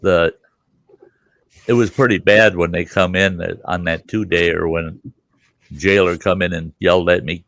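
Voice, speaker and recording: A man's voice: deep voice, fairly even intonation, measured pace, a bit bright, no room sound. A man telling a rambling, profane story as the host of a casual chat.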